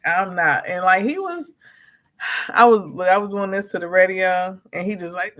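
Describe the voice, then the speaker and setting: A woman chatting casually as a vlogger, frank and animated, acting out quotes as she tells her story. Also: mid-range voice, a little slow, pauses often. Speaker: notary and vlogger.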